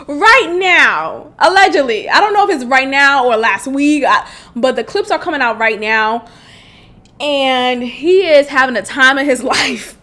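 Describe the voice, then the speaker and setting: Podcast host: thirty-year-old woman, high-pitched, animated and giggly in a loose comedic monologue. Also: moderate pace. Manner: laughs often, animated and chatty.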